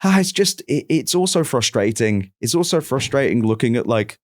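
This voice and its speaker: A man's voice: medium pitch, lively intonation, moderate pace, no echo, clean studio sound. A man with a mixed West London and American accent, talking as a guest in a casual chat, swearing freely and ranting with exasperation. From England. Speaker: podcast guest.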